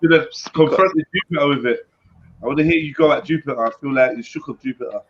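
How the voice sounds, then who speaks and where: A man's voice: a little high, fast. A man hosting a live stream, chatting casually with laid-back, slangy banter. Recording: slightly dull lo-fi stream audio.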